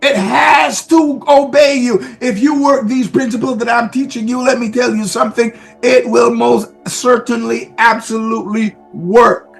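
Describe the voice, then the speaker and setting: Brief: male pastor, high-pitched, preaching with repetition and shouted emphasis over soft music. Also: steady tone, measured pace, gravelly, few pauses. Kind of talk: sermon.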